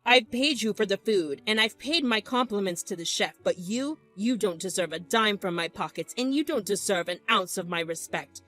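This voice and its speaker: A woman's voice: medium pitch, animated, normal speed, hardly any pauses, fairly bright tone, soft background music, natural voice. A woman voicing a jealous, domineering young husband who blusters and pushes. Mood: angry. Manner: pushy, blustering.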